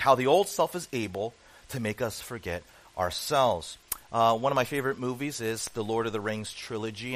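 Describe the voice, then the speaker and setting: A man's voice: mid-range voice, fairly bright tone, low-quality recording. A man preaching a sermon as pastor, emphatic and full of rhetorical questions put to the congregation.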